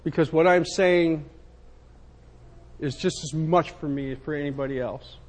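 A man with a slightly high, somewhat mellow voice preaches a sermon at a measured pace. He is emphatic and repetitive, addressing himself as much as his congregation.

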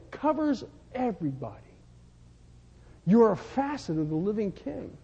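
A man's voice: high-pitched, very animated, a little slow, gravelly, dark tone, breathy edge. A man preaching a sermon, telling folksy stories and repeating words as he builds to fervent emphasis. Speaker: pastor. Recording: dull sound, long hall reverb.

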